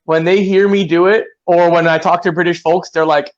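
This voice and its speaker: Lively Californian man, muffled call. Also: high voice, brisk. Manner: lively storytelling with playful asides. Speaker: guest English teacher. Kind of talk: casual interview chat.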